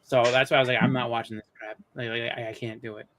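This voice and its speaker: Guy hosting a live show, mid pitch, rambly, lots of "like" and "um", keeps restarting. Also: level tone, fast, fairly bright tone, a little hiss or hum. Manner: rambling, many restarts and fillers. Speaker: host of a live comics show. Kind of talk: casual chat.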